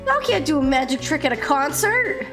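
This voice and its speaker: A young woman with a high, lively voice, commenting on a game as she streams it. She giggles and exclaims, and bursts into mock character voices. Faint game music plays underneath. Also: normal speed.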